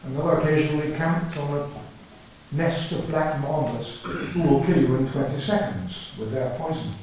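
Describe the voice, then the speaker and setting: A man's voice: on the high side, normal speed, a little mellow, slight background noise. An older man giving a conference lecture on archaeology, telling field stories with dry, wry humour. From England. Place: conference hall. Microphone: lectern or headset mic, battery trouble. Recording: echoey hall from far off.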